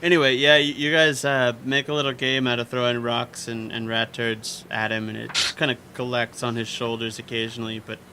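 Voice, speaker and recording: A man's voice: medium pitch, little pitch movement, a little fast, hardly any pauses, noisy background. Laid-back man running a tabletop game. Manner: loose, laughing, describes scenes with fillers. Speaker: game master.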